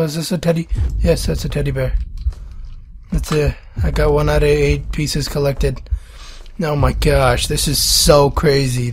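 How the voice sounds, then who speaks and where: Jumpy young man with a sick voice. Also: mid-range voice. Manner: jumpy, nervous, swearing and yelping at scares. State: sick, rough-sounding voice. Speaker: gaming YouTuber. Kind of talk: horror game let's play commentary.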